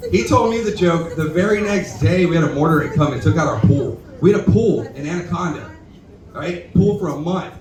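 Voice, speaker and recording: A young man with a drawl runs through a rambling, self-deprecating stand-up set full of cussing and asides to the crowd. His voice sits a little high for a man. It is caught from a distance in a roomy, echoey bar. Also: expressive, a little fast, darkish tone. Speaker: stand-up comedian at open mic. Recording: echoey bar room recorded from afar.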